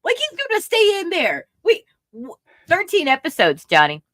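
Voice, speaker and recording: A woman co-hosting a podcast, chatting in an animated, exasperated way with lots of fillers. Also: very high-pitched, normal speed, no room sound, studio quality. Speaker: podcast co-host. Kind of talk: casual chat.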